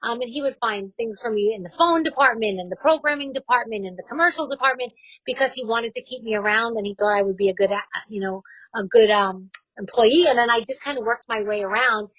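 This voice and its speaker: A woman in her forties with a New York accent, a radio host telling her story in a casual interview, candid and quick to laugh. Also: on the high side, a bit bright, no echo, poor audio.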